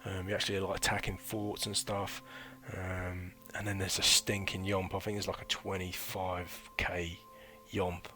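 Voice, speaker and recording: A man's voice: low voice, level tone, a little slow, few pauses, bright, forceful tone, faint music behind. A man in his thirties telling a chatty, rambling story about his military training in a casual vlog. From United Kingdom. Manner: rambling and chatty, full of fillers and slang. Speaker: former recruit recounting training.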